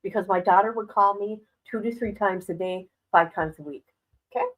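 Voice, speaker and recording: A woman's voice: mid-range voice, fairly quick, fairly bright tone, rough recording. A middle-aged woman chatting casually on a live stream as a commentator, rambling and emotional, often breaking into exclamations.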